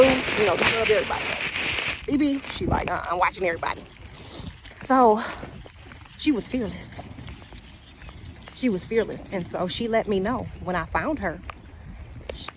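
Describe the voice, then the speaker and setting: A woman telling a rambling, halting personal story in a casual vlog, speaking. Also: mid-range voice. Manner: rambling, halting, talks to her dog mid-story. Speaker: spiritual vlogger. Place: outdoors, walking a dog. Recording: outdoor noise behind the voice.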